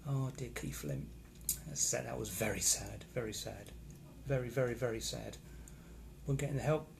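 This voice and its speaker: A man talks casually on a live stream from a hotel room. He rambles and reacts to viewers' comments as he goes. His voice is mid-pitched with a gravelly edge, and there is a faint hiss in the background. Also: moderate pace. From England. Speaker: vlogger reading live comments.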